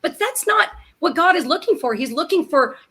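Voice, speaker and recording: A woman co-hosting a faith talk show, speaking in an animated, emphatic way. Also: very high voice, moderate pace. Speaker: co-host.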